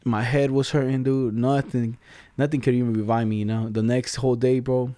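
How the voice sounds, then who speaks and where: A young man telling a story to a friend in casual chat, slangy and animated, laughing often. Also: mid-range voice, fairly quick, no echo, studio quality.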